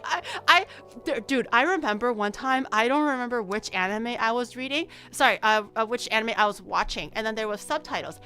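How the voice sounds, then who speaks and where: Bright, rambling young woman streamer. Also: a little high, expressive, fairly quick, faint music behind. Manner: rambling, self-mocking, laughs often. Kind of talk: casual chat to viewers.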